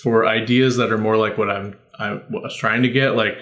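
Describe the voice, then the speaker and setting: A man's voice: fairly low pitch, steady tone, moderate pace, a bit bright, roomy sound. Rambling man on a casual podcast. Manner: rambling, self-correcting, nerdy storytelling. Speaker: podcast co-host. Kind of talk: casual chat.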